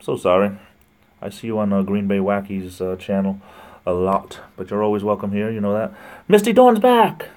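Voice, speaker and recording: A man's voice: fairly low pitch, little pitch movement, brisk, darkish tone, clean tone. A man hosting a casual livestream, rambling, laughing often and greeting viewers by name as he reads their comments. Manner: laughs often between remarks. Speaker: livestream host. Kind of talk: casual live chat reading viewer comments.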